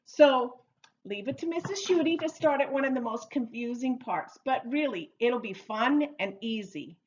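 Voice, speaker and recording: A woman teaching English idioms in a slow, repetitive lesson, playfully drawing out each phrase for learners to repeat. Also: sits high, expressive, lo-fi sound, a little hiss or hum. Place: Oregon.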